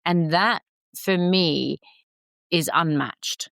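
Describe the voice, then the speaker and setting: A woman with a notably low voice speaks as a podcast guest. Her delivery is earnest and heartfelt, with a spiritual warmth in her phrasing. The recording is dry and close. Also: extremely slow, creaky, dry recording. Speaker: horse whisperer guest. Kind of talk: podcast interview.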